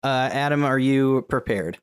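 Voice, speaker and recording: A man hosting a casual podcast, leading picks and scores in a relaxed, joking way. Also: mid-range voice, normal speed, clear, resonant tone. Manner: laid-back, joking, leads the segments. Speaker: podcast host.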